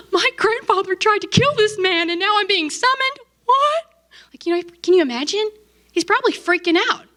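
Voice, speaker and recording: A woman's voice: fairly high pitch, a bit bright. A woman pastor giving a casual sermon, conversational and emphatic, with asides to her listeners.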